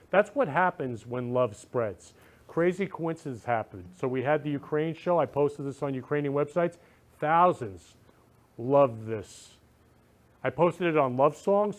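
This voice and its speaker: A man hosting a talk show, gushing and repeating himself, emotional, leading a spoken prayer. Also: fairly high pitch.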